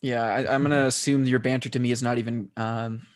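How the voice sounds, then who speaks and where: A man's voice: medium pitch, level tone, a little fast. A man hosting a podcast, running the show with wry, dry jokes in casual chat. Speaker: podcast host.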